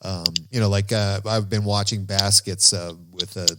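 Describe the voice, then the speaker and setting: A man's voice: lowish voice, steady tone, moderate pace, very noisy. A man hosting a casual podcast chat in a studio, enthusiastic and rambling. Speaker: podcast host.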